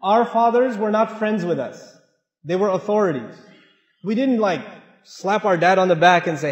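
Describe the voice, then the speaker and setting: A man with a high voice preaches to a congregation in an earnest, conversational way. His voice swings from loud emphasis to quiet asides. The long reverb of a big hall carries it, through dull, lo-fi sound. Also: expressive, moderate pace. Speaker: Islamic speaker. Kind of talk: sermon to a mosque audience.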